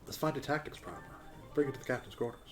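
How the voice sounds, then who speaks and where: A man co-hosting a let's play, joking and mock-shouting in a casual commentary. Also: medium pitch, racing, soft background music. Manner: playful, jokey, mock-shouting.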